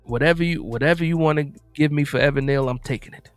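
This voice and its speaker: A man from New Jersey hosts a live football stream in a relaxed, rambling way, repeating phrases as he answers his chat. His voice sits on the higher side and sounds dry and close. Faint music plays underneath. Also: fast talker, clean tone, no echo. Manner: loose, repetitive, reads and answers chat. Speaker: live-stream sports show host.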